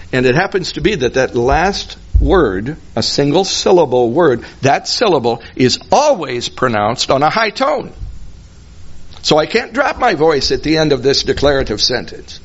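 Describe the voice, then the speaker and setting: A man giving expository Bible teaching, explaining slowly and deliberately and singing out tonal words in another language. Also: medium pitch, very animated. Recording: dull lo-fi recording.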